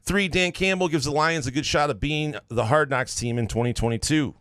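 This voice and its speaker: A man co-hosting a casual sports podcast, deadpan, reading listener takes aloud and dropping low for dry asides. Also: brisk, clear, resonant tone, no echo.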